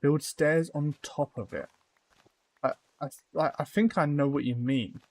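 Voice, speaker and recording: A man's voice: fairly high pitch, a little slow, darkish tone. A young man live-streaming a building game, chatting casually with viewers and rambling through lots of fillers and restarts.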